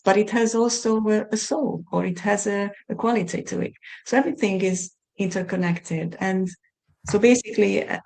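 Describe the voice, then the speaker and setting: A middle-aged woman from Hungary with a Hungarian accent, a podcast guest talking thoughtfully and often pausing to find her words. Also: lowish voice, darkish tone. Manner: thoughtful, searching for words with many restarts. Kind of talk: conversational interview.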